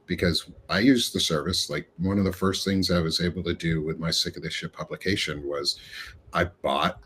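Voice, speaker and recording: A man hosting a casual panel discussion over a video call, relaxed, with many ums. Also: sits low, normal speed, breathy edge. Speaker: podcast host.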